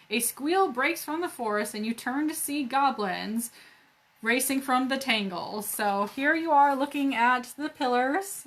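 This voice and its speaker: At a library, a woman reads a children's adventure book aloud, breaking off for playful, joking asides and laughing at herself. Her voice is on the high side and a bit bright.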